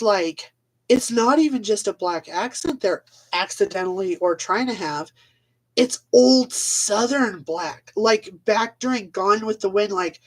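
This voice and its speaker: A woman ranting on a live video in a blunt, casual way, swearing freely, laughing often and trailing off mid-thought. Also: mid-range voice.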